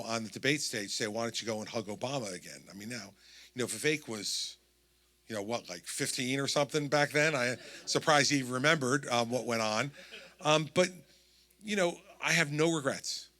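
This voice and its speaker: A man in his sixties with a New Jersey accent tells a long story to a town hall crowd. His voice is bright and forward, with a plain middle pitch, and he acts out each quoted line as he goes. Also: fairly quick. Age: 60s. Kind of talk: anecdotal campaign speech.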